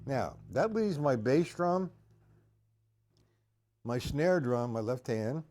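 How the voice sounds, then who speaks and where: A man teaching drums on a live stream, talking through exercises in a slow, chatty way, greeting viewers by name and scatting rhythms aloud. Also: mid-range voice, expressive, darkish tone. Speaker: drum teacher. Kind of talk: live-streamed drum lesson.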